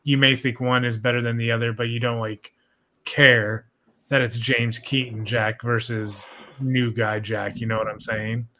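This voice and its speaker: A man's voice: mid-range voice, flat delivery, unhurried, bright, forceful tone. A young man hosting a podcast, chatting casually in a laid-back, rambling way with lots of swearing. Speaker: podcast host.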